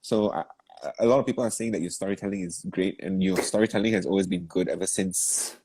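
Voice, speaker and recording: A man's voice: deep voice, fast, a little mellow, a little hiss or hum. A man giving feedback as a vocal coach in an online masterclass, asking probing questions and encouraging with easy laughs. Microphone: video call.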